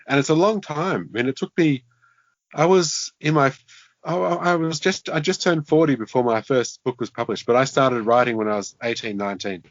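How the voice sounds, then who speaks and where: A guest author chats casually and self-deprecatingly in an interview, often restarting his sentences. He has a medium-pitched voice at normal speed, captured in a dry, dull lo-fi podcast recording.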